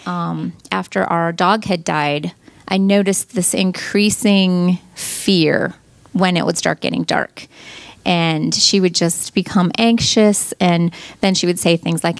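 A middle-aged woman telling her story as a mother, earnest and halting, often restarting her sentences. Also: lowish voice, no echo. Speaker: mother giving a testimonial. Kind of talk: personal testimonial.

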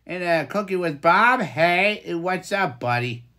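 A woman's voice: fairly low pitch, expressive, slow pace, bright, forceful tone. A woman hosting a casual live stream, reading out chat comments and reacting with exasperated exclamations.

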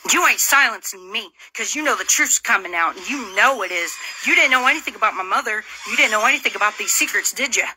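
A woman's voice: a little high, pushed and bright. A woman from Illinois delivering an angry, profane, confrontational rant straight to her audience, full of taunting rhetorical questions. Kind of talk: angry direct-to-camera rant.

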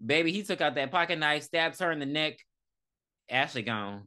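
A woman in casual podcast chat, recapping a film with profane, dramatic storytelling. Her voice is bright and ranges widely in pitch, sitting slightly low for a woman. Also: normal speed. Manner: animated, profane storytelling with dramatic quoted lines. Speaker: podcast co-host. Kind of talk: casual movie review chat.

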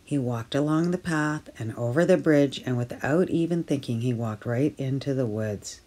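A woman reading a children's picture book aloud for storytime, gently and clearly. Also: rumbling low, moderate pace. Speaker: storytime reader at early years centre.

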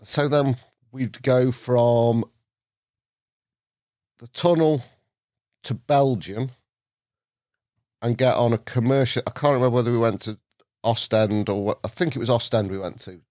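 A man, a podcast guest from England, telling a long anecdote in a lively way, putting on voices and laughing often. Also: medium pitch, moderate pace, long pauses, no room sound, studio quality. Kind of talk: anecdotal storytelling.

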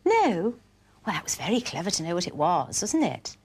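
A woman's voice: fairly low pitch, wildly swooping pitch, moderate pace, slightly rough. A woman presenting a children's television programme, talking to small children in an encouraging, playful, sing-song teacher's manner. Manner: playful, gently coaxing.

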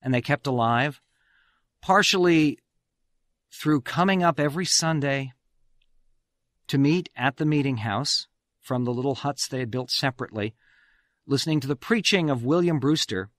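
Male radio host narrating history in a dry studio booth, mid-pitched, leaning hard into key words. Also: dry recording. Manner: emphatic storyteller, swings loud on key words.

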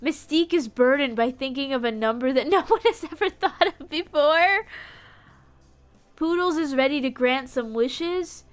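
A woman's voice: high-pitched, normal speed, faint music behind. A young woman streaming a game live, playful and dramatic, swinging from mock-solemn to giddy squeals.

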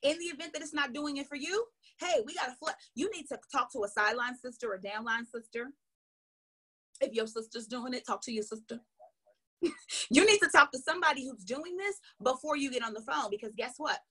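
A woman sales coach giving an energetic, emphatic motivational training talk. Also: high voice, brisk, breathy edge. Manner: energetic, emphatic, acts out little dialogues.

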